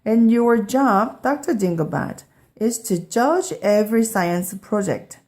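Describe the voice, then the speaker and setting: A woman's voice: mid-range voice, expressive, slow pace, a little mellow, pitched above the performer's own voice. A woman reading a patient kind schoolteacher. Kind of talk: children's storybook read-aloud.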